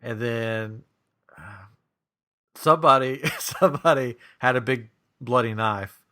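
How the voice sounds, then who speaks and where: A man's voice: mid-range voice, slow pace. A middle-aged man co-hosting a casual podcast, telling stories with lots of laughter and putting on a raised voice for the people he quotes. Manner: animated, acts out quotes in a raised voice, laughs often. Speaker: podcast co-host. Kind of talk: casual chat, storytelling.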